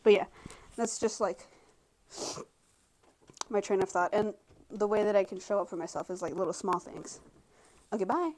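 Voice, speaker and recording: A woman's voice: mid-range voice, normal speed, pauses often, slight background noise. Rambling young woman talking to camera. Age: 20s. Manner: rambling, heavy use of filler words, frank and expressive. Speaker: vlogger. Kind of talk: casual monologue to camera.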